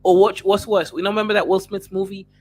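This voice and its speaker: A man's voice: high-pitched, fairly even intonation, fast. Joking Nigerian-born man hosting a chat. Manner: joking, boastful banter. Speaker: host. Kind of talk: casual group chat on a stream.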